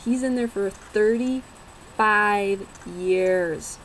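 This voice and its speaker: A woman's voice: medium pitch, slight background noise, poor audio. A young woman casually telling a personal story, rambling and swearing now and then. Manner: unhurried, rambling, swears and laughs while telling.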